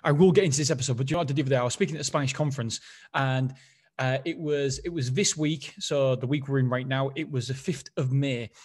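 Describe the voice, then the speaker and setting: A man hosting his own solo podcast, a high-energy storyteller who rambles and restarts his sentences often. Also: steady tone, quick pace, slightly rough. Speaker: podcast host.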